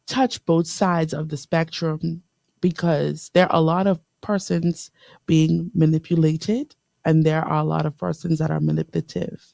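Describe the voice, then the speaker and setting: A woman hosting an inspirational radio talk show. She talks lively and straight to her listeners, and she repeats key lines slowly. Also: sits low, creaky, dry recording, studio quality. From the Bahamas. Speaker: radio host. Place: radio studio.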